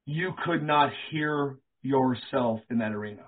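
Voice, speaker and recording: Over a tinny, phone-like line, a former pro wrestler speaks at a measured pace in a medium-pitched male voice. He's a guest in a casual interview, animatedly telling wrestling stories, acting out the voices of the people he quotes and swearing casually.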